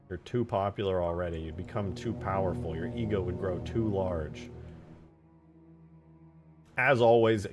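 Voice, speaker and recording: A man hosting a casual livestream, joking, swearing, and loudly thanking viewers for gifts. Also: low voice. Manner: excitable, yells in thanks for gifts. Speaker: livestream host.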